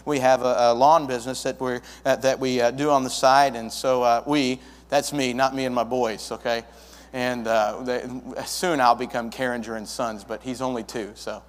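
A man's voice: mid-range voice, flat delivery, normal speed. A young man planting a church, telling his story to a congregation in a folksy way and acting out the dialogue. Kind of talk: testimony to a congregation. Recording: long hall reverb.

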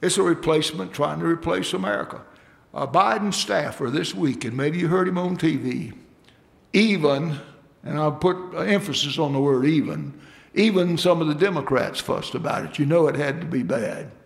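A man's voice: on the high side, moderate pace, creaky. A man preaching a sermon, folksy and emphatic, calling out for amens from the congregation.

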